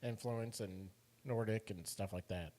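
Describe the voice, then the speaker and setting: A man's voice: fairly low pitch, a little slow, dark tone. A man from Iowa co-hosting a casual podcast, talking in loose rambling runs and laughing easily. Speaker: podcast co-host. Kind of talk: casual chat.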